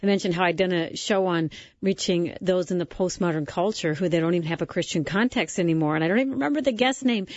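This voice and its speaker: A woman hosts a faith talk program, chatting and affirming her guest's points. Her voice is dry and close, with slightly muffled highs. It sits at an ordinary pitch for a woman. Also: fast talker, a little mellow, no echo. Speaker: radio show host. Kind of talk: faith talk show interview.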